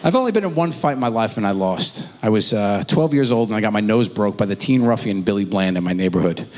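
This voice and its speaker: A man performing live stand-up on a theatre stage, telling stories with animated energy and acting out characters. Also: fairly low pitch, fast talker. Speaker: stand-up comedian. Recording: live theatre with long reverb.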